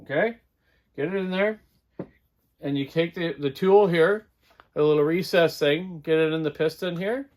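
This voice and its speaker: A man's voice: on the high side, normal speed, pauses often, darkish tone. A middle-aged man giving a casual hands-on repair demonstration in his workshop, rambling and correcting himself as he works. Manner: rambling, talks while working, self-correcting. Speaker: chainsaw repair host. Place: home workshop.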